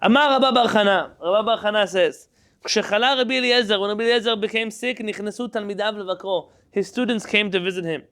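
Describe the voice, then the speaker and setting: A man's voice: high-pitched, racing, fairly bright tone, clear, resonant tone. A man teaching a Torah class, reading Hebrew text aloud, translating it line by line into English and quizzing his students.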